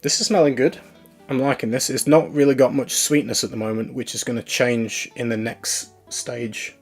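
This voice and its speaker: A man's voice: mid-range voice, fairly even intonation, normal speed, faint music behind. Chatty man thinking aloud on a live stream. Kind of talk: casual live-stream narration.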